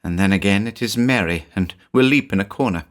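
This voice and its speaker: A man voicing an anxious village mother who recounts events in a hushed, uneasy way. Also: on the low side, fairly quick, natural voice.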